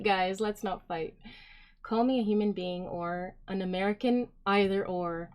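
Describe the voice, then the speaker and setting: A woman's voice: mid-range voice, normal speed, darkish tone. A woman live-streaming, chatting casually and reading viewer comments aloud, rambling with lots of fillers and giggles.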